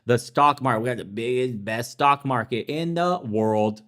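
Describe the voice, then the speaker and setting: A man's voice: mid-range voice, expressive, moderate pace, fairly bright tone. A young adult man hosting a podcast, ranting in heated political commentary with sarcastic, profane, mocking asides. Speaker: podcast host.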